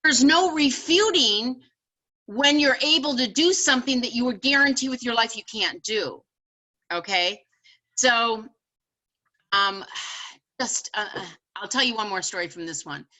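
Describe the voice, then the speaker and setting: Bright-voiced woman telling an emphatic story. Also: a little high, animated, unhurried, poor audio. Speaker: author and educator guest. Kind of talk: storytelling in a casual chat.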